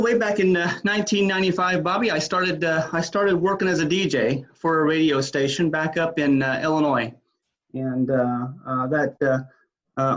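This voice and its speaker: Guy dj owner, kinda high voice, lots of uh and restarts, muffled lo-fi audio. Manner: halting, many uh fillers and restarts. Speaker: wedding DJ business owner, guest. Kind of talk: casual interview talk. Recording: dull lo-fi sound.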